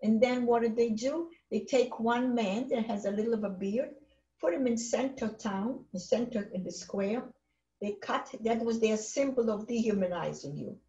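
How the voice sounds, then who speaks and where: An old woman, recounting her own testimony. She talks in halting bursts and leans on words by repeating them. The recording is roomy and a little dull. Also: on the high side, dark tone. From Poland. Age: 80s. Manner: halting, emphatic retelling with repeated phrases. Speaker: Holocaust survivor speaker. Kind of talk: personal testimony.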